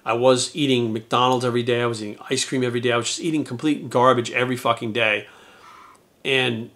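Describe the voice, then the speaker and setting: Fast-talking, bright-voiced candid man. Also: medium pitch, steady tone. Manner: candid, profane and rambling, with frequent restarts. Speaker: YouTuber and retired bodybuilder. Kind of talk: casual storytelling to camera.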